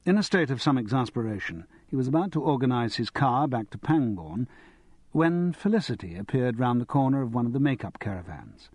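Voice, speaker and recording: A man narrating an audiobook in a wry, expressive manner. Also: medium pitch, fairly quick, no room sound.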